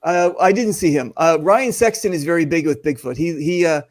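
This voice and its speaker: A man's voice: on the high side, fairly quick, no room sound. A man hosting a casual video-call chat, joking and rambling with lots of fillers. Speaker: host.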